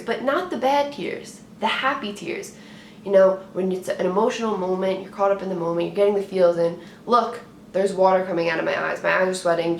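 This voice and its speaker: A young woman chats about sports straight to camera, playful and loose, often circling back and restarting her sentences. Her voice sits at an ordinary pitch for a woman. The room around her gives a noticeable echo, with a faint hum of ambience behind. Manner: chatty, playful, rambling with restarts. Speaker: sports vlogger. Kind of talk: casual talk to camera.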